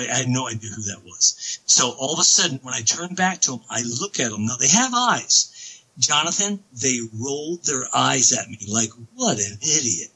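A man telling a long personal story as an interview guest, excitable and rambling, full of restarts and asides. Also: mid-range voice, slightly rough, rough recording. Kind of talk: casual storytelling on a podcast.

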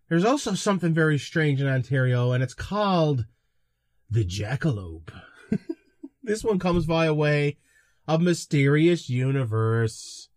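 A man's voice: on the high side, a little mellow, dry recording, clean studio sound. A man hosting a podcast, chatting casually and reading articles, with amused asides. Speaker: podcast host.

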